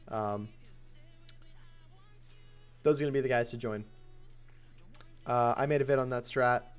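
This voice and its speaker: A male streamer talks casually at a mid pitch, chatty and quick to laugh. He thanks viewers between bits of match commentary. Faint music plays softly underneath. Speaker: streamer and host.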